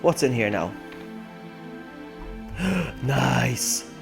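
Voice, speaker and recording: A man's voice: medium pitch, expressive, drawn-out words, gravelly. A man streaming a video game live, muttering to himself and reacting to what happens on screen, with game music playing behind him. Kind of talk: casual live gameplay commentary.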